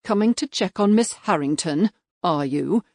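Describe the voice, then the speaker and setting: A woman voicing a stern male major and magistrate who talks in clipped, threatening, quietly forceful lines. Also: fairly low pitch, expressive, moderate pace, dry recording.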